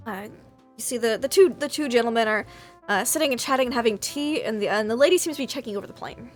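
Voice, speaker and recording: A woman's voice: on the high side, fast talker, soft background music. A woman narrating as game master of a tabletop game, meandering with many fillers.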